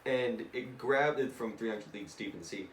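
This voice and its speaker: A young man casually retelling a comic story to a friend in an animated way, slipping into voices and swearing now and then. He is recorded from a distance in an echoey room. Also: medium pitch, normal speed. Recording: echoey room, distant mic, faint noise.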